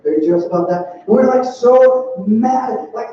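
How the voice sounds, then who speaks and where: A young man giving a youth sermon in a church, telling a story in an animated way with playful acted quotes. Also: very high voice, moderate pace, hardly any pauses, slight background noise. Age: young adult. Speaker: youth speaker. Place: church sanctuary. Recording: dull, distant, roomy church sound.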